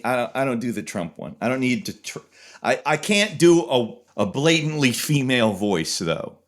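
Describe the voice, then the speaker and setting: A man's voice: mid-range voice, normal speed. A young man giving a casual tutorial walkthrough, chatty and jokey. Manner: animated, jokey, chatty explaining. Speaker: video creator.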